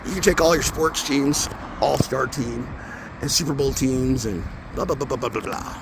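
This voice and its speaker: A man walking outdoors and talking into his phone in an intense, rambling spiritual monologue, swearing often and swinging between mumbles and loud outbursts. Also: mid-range voice, moderate pace, gravelly. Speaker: vlogger. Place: outdoors near traffic, walking. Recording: outdoor phone audio with street noise.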